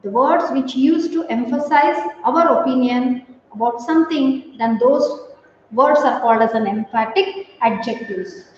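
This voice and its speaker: A high-pitched woman gives a classroom grammar lesson, drawing out each word at an unhurried pace. Her voice sounds distant, bouncing around a very echoey room with a long reverb, dull and lo-fi. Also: a little mellow, a little hiss or hum. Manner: slow and deliberate, repeating words for students. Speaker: teacher.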